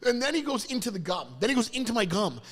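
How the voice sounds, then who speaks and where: Podcast guy with a super high bright voice, swoops all over telling a story, does voices. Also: fast. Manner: animated storyteller, acts out voices, laughs often. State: sore mouth after dental work. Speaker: podcast host. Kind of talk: casual chat.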